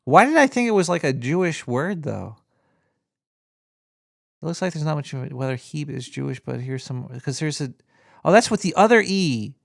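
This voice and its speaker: Gravelly man hosting a call-in show. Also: fairly high pitch, big pitch swings, moderate pace, no echo, studio quality. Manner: giggly, scattered, jokey flirting. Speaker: radio show host. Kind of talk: casual call-in radio banter.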